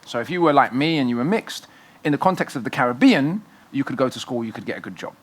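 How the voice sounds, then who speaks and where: Man, author guest at a festival, quick, forceful, argumentative delivery. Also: medium pitch, lively intonation. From Britain. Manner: fast, emphatic, argumentative storytelling. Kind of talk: festival conversation.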